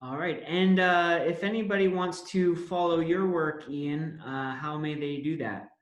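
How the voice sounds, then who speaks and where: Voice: medium pitch, steady tone, measured pace. A webinar host moderates the session over a video call, polite and announcing, with many small fillers between phrases. The voice sits in an echoey room.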